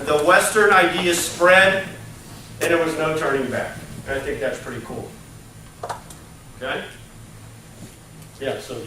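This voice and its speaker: A man's voice: high voice, bright, forceful tone, slight background noise. A male college lecturer giving a conversational classroom lecture, tagging his points with "okay?" and "right?", recorded on a distant mic in an echoey classroom. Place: lecture room.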